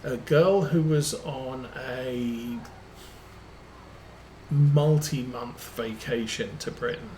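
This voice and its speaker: A man chats slowly and unhurriedly while streaming a farming game, drifting from one anecdote to the next with plenty of ums. His voice sits at an ordinary pitch, and the room around him is roomy and echoey with a faint hiss underneath. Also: mellow. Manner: rambling anecdotes with many ums. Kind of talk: casual chat while playing a farming game. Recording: roomy echo.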